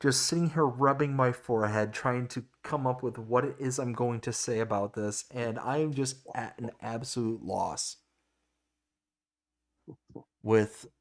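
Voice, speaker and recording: A man's voice: medium pitch, measured pace. A man co-hosting a casual live stream, stammering and exasperated as he reacts and reads chat comments aloud. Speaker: livestream co-host.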